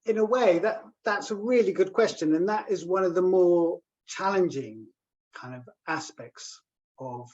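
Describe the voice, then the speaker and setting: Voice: mid-range voice, a little mellow. Thoughtful speaker on dull, lo-fi call audio. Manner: thoughtful, hesitant, searching for words. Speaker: panel guest from an off-grid community. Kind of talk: online panel talk. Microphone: video call.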